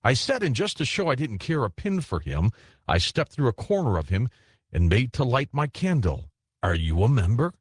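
A man reading a classic ghost story aloud as audiobook narration, telling it in a measured way and voicing the characters. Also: medium pitch, wildly swooping pitch, breathy edge, no echo, clean studio sound.

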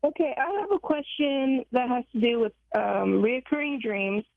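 A woman's voice: on the high side, moderate pace, creaky, no room sound. Hesitant woman caller on a phone line. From Ohio, USA.

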